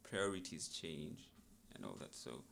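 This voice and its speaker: Young musician guy, low gravelly voice, chill and reflective, bit of faint noise behind. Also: sing-song, a little slow, a bit bright. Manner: laid-back, reflective storytelling. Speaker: musician guest. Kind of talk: casual podcast interview.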